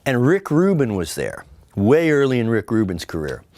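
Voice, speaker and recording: A man, a record producer and guitarist, telling an anecdote in an animated way and mimicking the music with sound effects. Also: mid-range voice, moderate pace, no room sound, clean studio sound. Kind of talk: storytelling anecdote.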